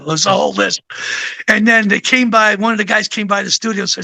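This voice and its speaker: An older male musician tells a long, rambling story with plenty of fillers. His voice sits high for a man, with a bright, gravelly edge. The sound is dry and close. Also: quick pace, no room sound. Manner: rambling anecdotes with many fillers. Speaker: guest musician. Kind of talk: casual interview storytelling.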